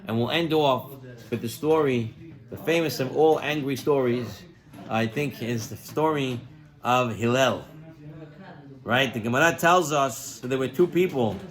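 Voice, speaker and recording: With a mid-range voice, this man preaches as a rabbi. His storytelling is lively, full of impersonations of the people involved, and he lowers his voice to hushed tones to underline a moral.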